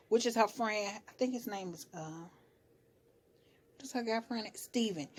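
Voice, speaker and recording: A woman chatting casually as she recaps a reality show episode, slangy and animated, often dropping into voices for the people she quotes. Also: medium pitch, measured pace, pauses often. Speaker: TV recap vlogger.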